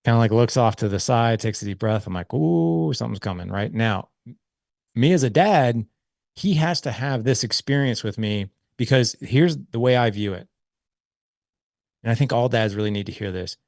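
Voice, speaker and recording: Here a middle-aged man with a mid-range, darkish voice talks at a moderate pace, recorded at studio quality without echo. As a podcast guest, he tells a fatherhood story earnestly in conversational interview fashion, often tacking "right?" onto his points.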